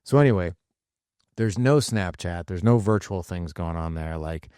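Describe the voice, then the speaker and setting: A man's voice: low-pitched, lively intonation, moderate pace, a little mellow, clear, resonant tone, no echo, studio quality. A middle-aged man hosting a podcast, chatting casually with his son and reacting with short remarks. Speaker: podcast host, father. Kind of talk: casual conversation.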